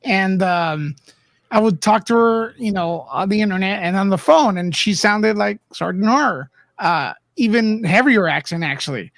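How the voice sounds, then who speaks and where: A co-host in a relaxed chat, telling a story in an easygoing way. The voice sits in a middle pitch. The recording is dry and close. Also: moderate pace, dry recording. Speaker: podcast co-host. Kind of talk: casual storytelling.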